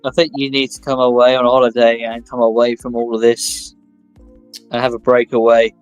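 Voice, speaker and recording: A man's voice: mid-range voice, level tone, normal speed, clean tone, no echo, faint music behind. A man with a southern English accent, chatting casually as a guest and reassuring in his replies. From southern England. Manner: easygoing, reassuring, many short agreements. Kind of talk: casual chat.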